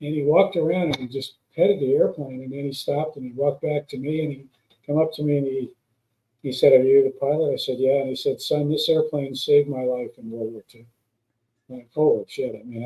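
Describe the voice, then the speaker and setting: A man with a warm, mid-range voice, a guest who was once a stunt pilot, tells long rambling anecdotes in casual chat with many restarts. The recording has a roomy echo.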